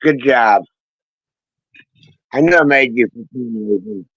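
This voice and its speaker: A man's voice: medium pitch, takes it slowly, a bit bright, husky, no echo. A middle-aged man hosting a casual livestream, flustered and unsure with the technology, speaking into a phone. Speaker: stream host. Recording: dull dry phone audio.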